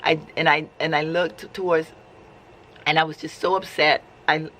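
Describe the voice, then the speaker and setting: A woman recounts a personal faith story as a casual, heartfelt testimony, speaking conversationally and often restarting her sentences. Her voice is bright and forceful. A faint hiss of noise sits behind her. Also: sits low, flat delivery, normal speed. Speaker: vlogger sharing faith testimony.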